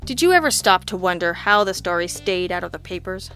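A breezy private detective tosses off dry one-liners with a flippant, deadpan air, as a woman reader plays him. His delivery is relaxed and unbothered, even when he is making a pointed argument. Faint music sits behind the reading. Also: fairly low pitch, fairly quick. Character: wisecracking, easygoing male private detective. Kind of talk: audiobook character voice.

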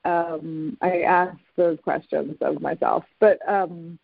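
Halting speaker on a tinny phone line. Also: mid-range voice, fairly even intonation, creaky, no room sound. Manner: halting, many fillers and restarts. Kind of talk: casual conversation over a call.

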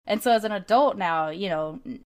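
A woman hosting a casual podcast interview, candid and animated, swearing freely and laughing often as she tells stories. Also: medium pitch, a little fast. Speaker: podcast host.

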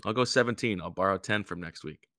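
A man's voice: low voice, fast, pushed and bright, dry recording, clean studio sound. A man hosting a casual podcast chat, playful, calling out bids like an auctioneer and telling jokes. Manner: playful, tells jokes, auctioneer-style calls. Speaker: podcast host running a bidding game.

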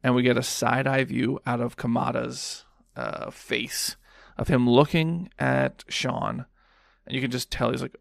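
A man's voice: mid-range voice, moderate pace, vocal fry, no room sound, clean studio sound. A man hosting a podcast alone, recapping a film scene in a rambling, casual way with lots of fillers. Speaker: podcast host.

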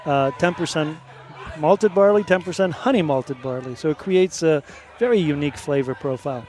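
A man's voice: a little high, a little fast, darkish tone. A man from California who co-founded a distillery, talking it up in a casual outdoor interview with many fillers. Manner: upbeat promotional talk with fillers. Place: outdoors at a music festival.

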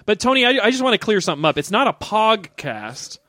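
A man's voice: sits high, sing-song, brisk, pushed and bright, no echo. A man co-hosting a comedy podcast, joking and teasing in improvised banter. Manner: playful, teasing, goofy. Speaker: podcast co-host.

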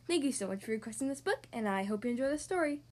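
A woman hosting a children's podcast, reading a storybook aloud in a friendly, expressive manner. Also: fairly high pitch, very fast, faint music behind. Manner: friendly, expressive, sing-song.

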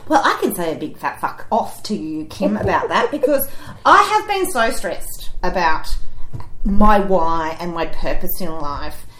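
A woman's voice: fairly low pitch, very animated, a little slow, a bit bright. A woman in her forties co-hosting a podcast in casual chat, joking, sarcastic and swearing freely. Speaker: podcast co-host. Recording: roomy echo.

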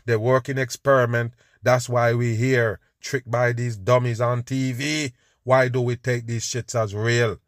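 A man's voice: mid-range voice, flat delivery, measured pace, hardly any pauses, no echo. Scornful man ranting, dry close mic. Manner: scornful, preachy, repeats "people". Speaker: podcast host reacting to clips. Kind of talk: ranting commentary over video.

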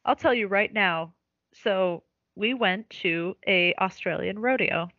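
A woman's voice: medium pitch, a little slow, fairly bright tone, no echo. A woman guest on a podcast in casual chat, telling stories with dry humor. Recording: dull, lo-fi, dry podcast audio.

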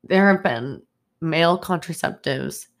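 A woman's voice: deep voice, measured pace. A young woman hosting a solo podcast, rambling stream-of-consciousness style with many fillers, upset and indignant as she talks. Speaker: podcast host. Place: home in Boston.

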